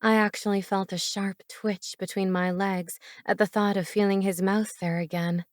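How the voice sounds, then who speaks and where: A woman's voice: mid-range voice, flat delivery, moderate pace, dry recording, studio quality. A woman narrating a first-person romance audiobook in an intimate storytelling manner.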